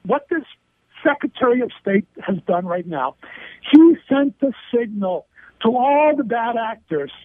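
A man's voice: very high-pitched, sing-song, measured pace, no echo. A man giving indignant, emphatic commentary in an interview, hammering his points through repetition. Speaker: guest commentator. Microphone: telephone line. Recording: tinny dry phone line.

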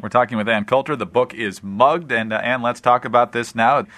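A man hosting a radio interview, asking questions in a measured way with frequent hesitations. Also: medium pitch, fairly even intonation, a bit bright, no room sound. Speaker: radio host. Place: radio studio.

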